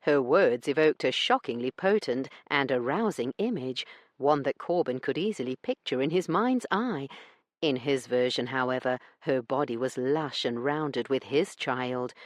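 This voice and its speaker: A woman reading a romance audiobook as its narrator, in an expressive storytelling way. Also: rumbling low, a little slow, no echo, studio quality. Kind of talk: scripted narration.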